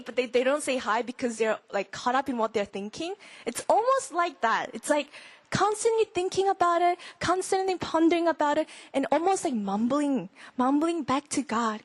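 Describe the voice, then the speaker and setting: A young woman gives a Bible lesson in an easy, chatty way. Her voice sits high, and the sound is dry and close. She often acts out her own inner thoughts and whispers verses to show how to ponder them. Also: moderate pace, dry recording, low-quality recording. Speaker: Bible teacher. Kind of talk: sermon-style teaching.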